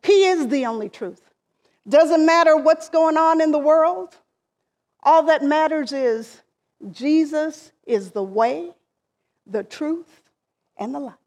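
A woman delivers a sermon at an unhurried, measured pace. Her voice sits high, and she stresses key phrases before letting the ends of her lines fall away softly. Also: animated. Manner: slow, deliberate preaching with emphatic rises and soft trailing endings. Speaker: preacher.

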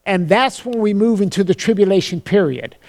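Delivering a sermon with earnest conviction, a man with a high, a little mellow voice and lively intonation slows to read scripture solemnly. Starting a phrase, he frequently repeats words.

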